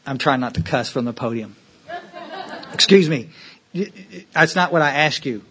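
A man's voice: medium pitch, animated, normal speed, pushed and bright. A man speaking from a podium at a recovery meeting, emphatic and preachy, repeating words as he restarts and checking that the room follows.

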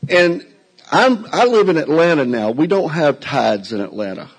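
An older man with a drawl spins a story for a live audience indoors. His voice is husky and a little worn. He tells it in a folksy, self-mocking way. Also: on the high side, sing-song, moderate pace, low-quality recording.

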